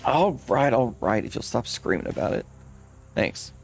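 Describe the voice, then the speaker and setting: A man's voice: medium pitch, lively intonation, normal speed, gravelly. A man voicing an odd, scheming male leather hunter with a British accent, drawling folksy lines and calling people mate over faint game music. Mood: confiding.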